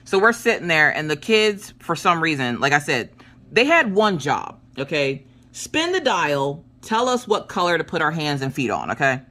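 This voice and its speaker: A woman in her thirties chatting casually while she works on a craft project, telling family stories in an animated way. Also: deep voice. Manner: animated storyteller, acts out family quotes. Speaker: crafting vlogger. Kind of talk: casual chat while diamond painting.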